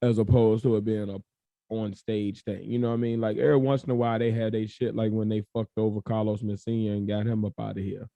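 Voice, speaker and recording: A young man co-hosting a podcast with a dark, mellow tone and a dry, close sound. He talks bluntly and with lots of profanity, acting out little scenes as he makes his point. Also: lowish voice, fast, vocal fry, no room sound. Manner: blunt, profane, animated storytelling. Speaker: podcast co-host. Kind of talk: casual chat.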